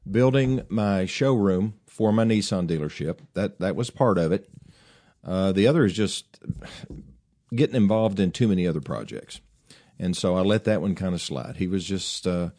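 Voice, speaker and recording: A man in his fifties with a low voice that leaps up and down as he talks. He hosts his show in a casual, rambling way, full of fillers, restarts and folksy asides. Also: darkish tone. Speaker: host. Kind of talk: casual chat.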